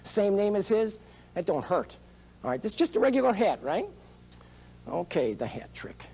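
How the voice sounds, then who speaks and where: High-voiced rambling male candidate. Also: very animated, normal speed, dark tone, slightly rough. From United States. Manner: rambling, digressive, eccentric showman. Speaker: presidential candidate. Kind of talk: rambling campaign speech.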